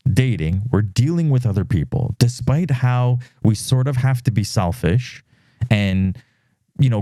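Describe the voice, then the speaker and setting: A man's voice: lowish voice, no room sound, studio quality. A podcast host, a man, tells a dating story in a casual monologue, acting out quoted messages with plenty of fillers. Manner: animated storytelling, acts out quoted texts; frequent fillers.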